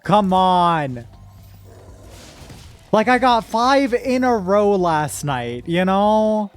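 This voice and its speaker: A woman's voice: mid-range voice, slow pace, faint music behind. A woman streamer chatting casually with her viewers while gaming, rambling and emotional, with sudden frustrated outbursts.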